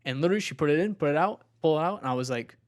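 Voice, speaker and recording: A man's voice: fairly high pitch, expressive, rapid-fire. A young man co-hosting a podcast, telling a long story in a rambling, casual way with lots of filler words. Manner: rambling storytelling with many likes. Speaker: podcast co-host. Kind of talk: casual chat.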